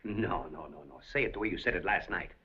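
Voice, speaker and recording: A sly, suave café owner. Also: male voice, low-pitched, bright, forceful tone, slightly rough, exaggerated voice. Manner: urbane, sly, deliberate. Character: suave scheming café proprietor, man. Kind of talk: 1930s film acting. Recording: dull 1930s film soundtrack.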